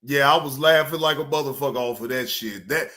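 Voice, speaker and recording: A man hosting a livestream, giving casual reaction commentary in an animated, repetitive, teasing way. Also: mid-range voice, a little fast. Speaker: livestream host.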